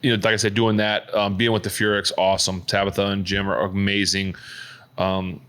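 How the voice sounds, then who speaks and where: Brisk and low-pitched, with little movement in his intonation and a slightly bright quality, a man co-hosts a podcast. He chats casually, wandering off track and leaning on fillers and restarts.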